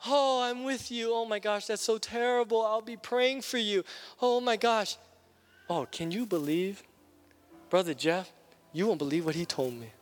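A man's voice: high-pitched, normal speed, natural voice. A man mimicking a gushing, gossipy churchgoer with breathless, overdone sympathy. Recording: long church reverb with music.

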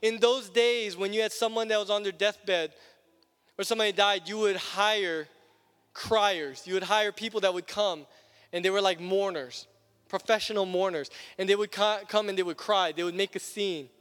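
A male preacher delivering an emphatic, repetitive sermon that builds to shouts. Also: high voice, steady tone, moderate pace, clear, resonant tone. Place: church sanctuary. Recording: long church reverb with music.

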